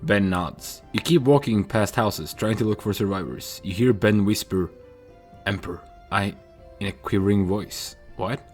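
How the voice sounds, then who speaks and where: A man playing a text adventure game, reading the story out and musing over his choices with hesitant pauses. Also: fairly low pitch, darkish tone, soft background music. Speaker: player narrating a text adventure. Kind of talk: reading and thinking aloud.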